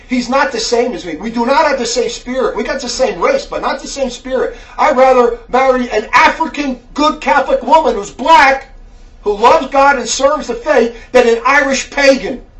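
High-voiced man berating a viewer. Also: expressive, normal speed, fairly bright tone, recorded from a distance. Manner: berating, preachy, repeats taunts like "buddy boy". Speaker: religious commentator. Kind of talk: angry monologue addressed to a viewer.

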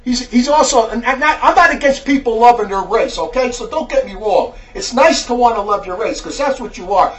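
A man's voice: very high-pitched, a little fast, hardly any pauses, a bit bright, far from the mic. A man giving an angry, preachy monologue aimed at a viewer, scolding him and repeating taunts. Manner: berating, preachy, repeats taunts like "buddy boy". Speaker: religious commentator.

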